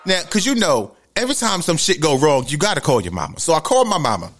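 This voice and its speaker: A man telling a story in a loud, lively, profane style. His pitch swings widely. He often jumps into sudden shouts. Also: fast talker, soft background music. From New York City.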